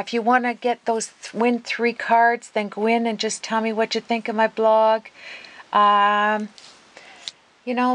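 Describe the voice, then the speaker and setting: A woman hosting a casual craft video, gushing and excitable as she talks viewers through her work. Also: on the high side, poor audio. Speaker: craft vlogger.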